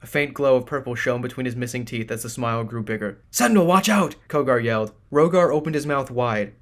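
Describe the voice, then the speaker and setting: A man with an ordinary, middle-pitched voice narrates a fantasy audiobook, reading in a measured, even way.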